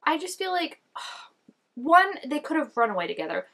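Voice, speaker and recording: A woman's voice: high-pitched, big pitch swings, normal speed, vocal fry, fairly bright tone. A young woman giving casual reaction commentary, chatty and full of "like", gasping and exclaiming as she watches. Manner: chatty, lots of "like", gasps and exclaims while watching. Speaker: reaction vlogger.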